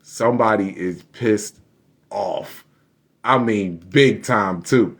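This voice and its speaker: A man's voice: fairly low pitch, slow. A man hosting a casual live stream and talking straight to his viewers. He sounds frustrated and keeps laughing about his computer freezing up. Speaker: livestream host.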